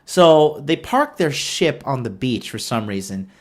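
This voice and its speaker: A man's voice: mid-range voice, very animated, unhurried. A man giving a sarcastic, profane rant of a movie review, retelling scenes with exasperation. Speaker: online commentator.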